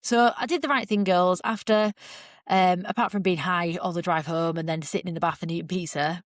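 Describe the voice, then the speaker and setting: A woman from the UK, hosting a podcast, telling a long story in a chatty, animated way and acting out what people said. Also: fairly low pitch, a little fast, no echo, clean studio sound. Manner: chatty, animated, acts out quoted remarks. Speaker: podcast host. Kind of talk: casual storytelling monologue.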